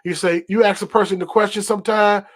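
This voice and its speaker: A man's voice: sits high, steady tone, quick pace. A man hosting a podcast, talking in an emphatic, repetitive, preacherly cadence. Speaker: podcast host. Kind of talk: preaching-style podcast monologue.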